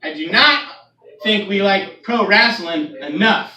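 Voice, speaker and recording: High-voiced stand-up comic in echoey bar. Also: male voice, slow pace, soft background music. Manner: animated storytelling with shouted punchlines. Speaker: stand-up comedian. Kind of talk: stand-up comedy set. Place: comedy bar with live audience. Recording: echoey room from far off, crowd.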